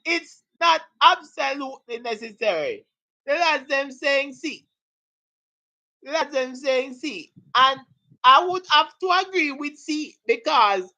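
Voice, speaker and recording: A high-pitched woman with a sharp tone teaches a live exam prep lesson, joking around and laughing with the class while hyping them up. The audio quality is poor.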